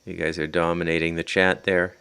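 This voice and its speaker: A man's voice: sits low, level tone, a little fast, sharp tone, smooth. A man with an Ottawa Valley Canadian accent hosting a podcast, rambling off on tangents, restarting sentences and speculating aloud. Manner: rambling, self-interrupting, prone to tangents. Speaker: podcast host. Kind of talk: rambling casual livestream talk. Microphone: podcast mic.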